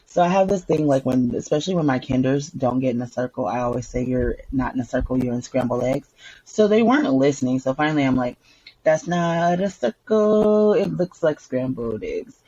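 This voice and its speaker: A woman co-hosting a podcast in casual chat, an animated storyteller who laughs often and breaks into song. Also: very deep voice, fast, husky, highs cut off. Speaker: podcast co-host.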